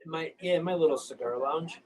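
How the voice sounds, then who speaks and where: A man, a guest on a talk stream, telling a long rambling anecdote in a casual, animated way. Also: a little high, fast talker, rough recording. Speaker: guest fan. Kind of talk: casual storytelling.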